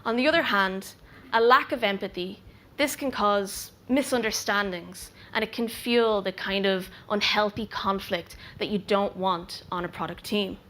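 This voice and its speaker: A young adult woman, a product researcher, giving a clear, measured conference talk with emphatic pauses. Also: mid-range voice, fairly bright tone.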